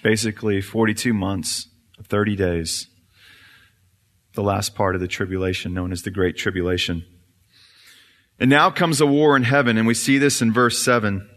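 A man's voice: lowish voice, normal speed, long pauses, a bit bright. A male pastor preaching an earnest, explanatory sermon in a church. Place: church sanctuary. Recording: reverberant church hall.

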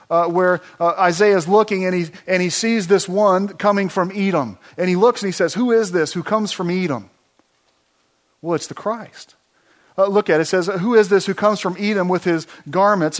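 A man preaching an expository sermon, reading scripture aloud and asking the congregation questions, with frequent "uh" fillers. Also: sits high.

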